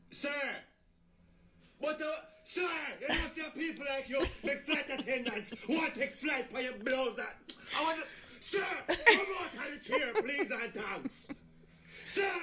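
A man in a comedy sketch clip putting on a stubborn passenger with a heavy Jamaican accent, shouting and laughing. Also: very high voice. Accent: Jamaican (put on). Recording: sketch clip with crowd noise.

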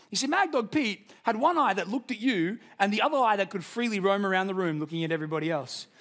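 A man's voice: on the high side, fairly bright tone. Emphatic preacher man. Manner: storytelling, rises to emphatic peaks. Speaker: pastor. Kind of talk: sermon.

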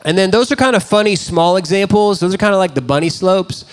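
A man's voice: high-pitched, fairly quick, clear, resonant tone. A man in his thirties, a pastor, preaching a sermon in a conversational, self-deprecating storytelling way. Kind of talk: sermon with personal stories.

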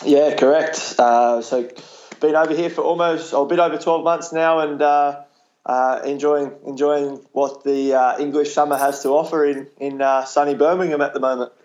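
A man's voice: on the high side, moderate pace, dull audio. Laid-back Australian man, interview guest. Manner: relaxed, hesitant, many restarts and "you know". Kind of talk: casual interview chat.

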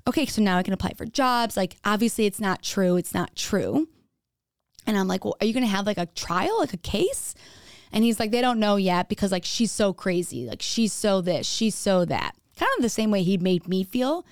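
A woman's voice: mid-range voice, vocal fry, a little mellow, no room sound, clean studio sound. A young woman candidly telling her own story in a casual way, acting out what others said. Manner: candid, frequent "like", acts out quoted dialogue.

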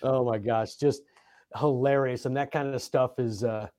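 A man's voice: mid-range voice, steady tone, moderate pace, dark tone, no room sound, studio quality. A middle-aged man, a basketball coach, co-hosting a casual sports podcast with a laid-back, laughing manner.

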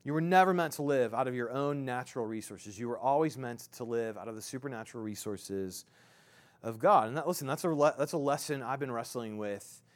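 A man in his thirties preaching a sermon as a pastor, in a conversational, halting way with many fillers and restarts. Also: mid-range voice. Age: 30s.

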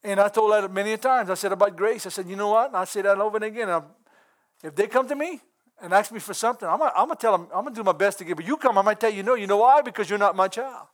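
A man's voice: high voice, racing. A middle-aged man giving a folksy, earnest sermon, laughing often between points. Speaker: preacher.

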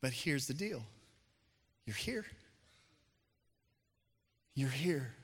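A man preaching a sermon as pastor, talking conversationally and telling jokey family stories before dropping into soft, earnest appeals. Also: medium pitch, very animated, drawn-out words, breathy edge. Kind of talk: sermon with humorous family anecdotes. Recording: long hall reverb.

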